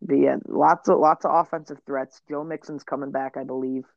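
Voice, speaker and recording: A man's voice: mid-range voice, fairly even intonation, brisk, gravelly, no echo, dull audio. A young man co-hosting a casual sports podcast, brash and joking, swearing freely. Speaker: podcast co-host.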